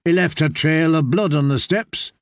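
A man's voice: a little high, moderate pace, dry recording, studio quality, close to an everyday voice. A man voicing a resentful young nobleman grieving his father in an audiobook. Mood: bitter. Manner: accusing, resentful. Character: bitter, grieving young male noble heir.

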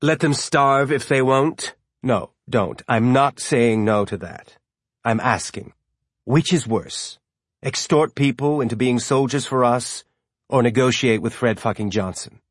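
A man's voice: medium pitch, no echo, clean studio sound, lightly acted. Man doing a hard-headed woman captain. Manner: firm, measured, plain-spoken. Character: resolute woman ship captain, pragmatic and hard.

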